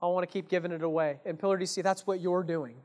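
A man's voice: sits high, steady tone, fast, a little mellow. A man preaching an earnest sermon as a pastor, putting rhetorical questions to his congregation and addressing them casually and directly. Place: church.

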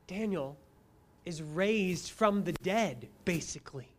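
A preacher giving a sermon, moving between quiet asides and loud emphasis and asking the listeners rhetorical questions. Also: mid-range voice, measured pace. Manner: addresses listeners as friends, asks rhetorical questions.

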